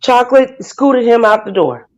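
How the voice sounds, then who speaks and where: A woman's voice: a little high, expressive, normal speed, low-quality recording. A woman hosting a casual live chat, exclaiming and calling out to her dog. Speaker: host.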